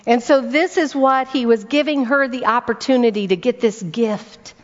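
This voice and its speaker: A woman's voice: on the high side, normal speed. A woman preaching a sermon to a congregation, telling stories, asking the room rhetorical questions and repeating words for emphasis. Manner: storytelling with rhetorical questions to the audience. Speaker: speaker at a church weekend event. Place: church hall before a congregation. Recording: dull recording in a reverberant hall.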